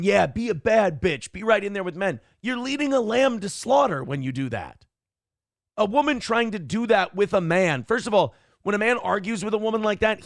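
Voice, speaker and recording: A man's voice: fairly high pitch, fairly bright tone, no echo, studio quality. A man hosting a livestream morning commentary show, blunt and profane, rambling through opinions and reading chat comments aloud.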